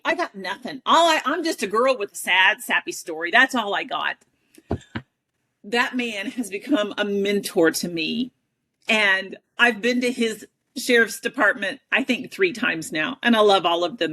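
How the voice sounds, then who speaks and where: A woman speaks as a guest on an interview show, telling a personal story with animated, self-deprecating energy. She often acts out the people she quotes. Her voice sits at an ordinary middle pitch for a woman. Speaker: interview guest, advocate and educator.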